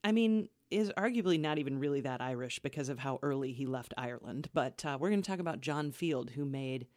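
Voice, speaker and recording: Measured woman radio host. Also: rumbling low, animated, a little mellow, no room sound, studio quality. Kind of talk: casual chat.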